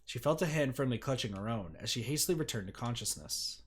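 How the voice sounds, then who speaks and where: A man's voice: medium pitch, animated, fast, slightly rough. Man narrating a story game. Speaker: streamer. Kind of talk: reading a game's story text aloud.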